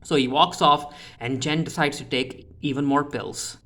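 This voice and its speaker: A man's voice: on the high side, steady tone, normal speed, fairly bright tone. A man giving a casual, chatty recap of a TV episode, often restarting with "uh" fillers. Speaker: TV recap reviewer.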